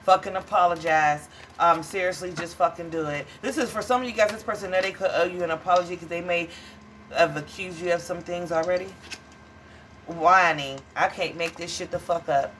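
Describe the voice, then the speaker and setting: A woman's voice: lowish voice, fairly quick, a bit bright, a little hiss or hum. A woman giving a casual tarot reading to viewers, blunt, profane and dramatic, calling them honey and child. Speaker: tarot reader.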